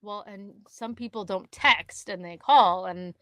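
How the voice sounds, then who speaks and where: Lively storytelling woman, dry close mic. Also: mid-range voice, unhurried, no room sound. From Canada. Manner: animated storyteller, acts out quotes, laughs often. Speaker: podcast co-host. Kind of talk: casual chat.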